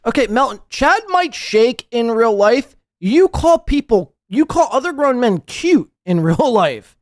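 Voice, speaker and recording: A man hosting a live podcast, ranting with crude, sarcastic mockery and swinging between loud outbursts and muttered asides. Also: very high voice, big pitch swings, unhurried, no echo, clean studio sound. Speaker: podcast host.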